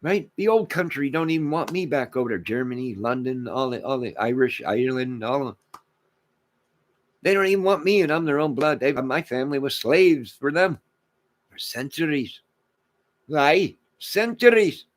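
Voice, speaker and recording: A man hosting his own channel, delivering a rambling rant to camera, emphatic and repetitive, swinging between loud declarations and muttered asides. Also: medium pitch, moderate pace, slight background noise. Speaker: channel host.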